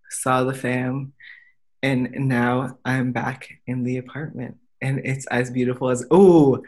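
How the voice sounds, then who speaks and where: A young adult podcast co-host chatting casually and telling rambling stories in an easygoing way. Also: mid-range voice. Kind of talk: casual chat and storytelling.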